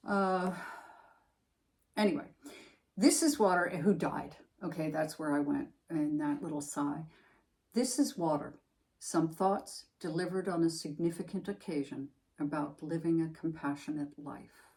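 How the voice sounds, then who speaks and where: A woman's voice: low-pitched, unhurried, low-quality recording. A woman co-hosting a podcast, chatting casually and emphatically about a book that mattered to her. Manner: animated, emphatic, thinks aloud with restarts. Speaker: podcast co-host. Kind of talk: casual chat about books.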